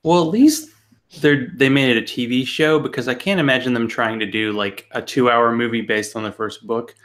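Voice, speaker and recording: A man's voice: medium pitch, normal speed, a bit bright. A man hosting a casual podcast interview, asking easygoing, joking questions. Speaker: podcast host.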